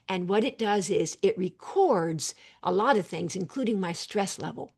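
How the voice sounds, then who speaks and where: An older woman psychiatrist talking in an animated, emphatic way over a video call interview, with quick asides. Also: medium pitch, slightly rough.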